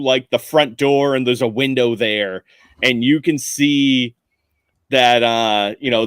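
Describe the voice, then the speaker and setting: A man's voice: medium pitch, a bit bright, dry recording. A man running a tabletop game as game master, narrating scenes loosely with many fillers.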